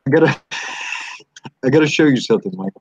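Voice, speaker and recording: A man talking earnestly on a casual live stream, laughing often, with a husky voice. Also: mid-range voice, animated, fast talker. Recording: dull dry online audio.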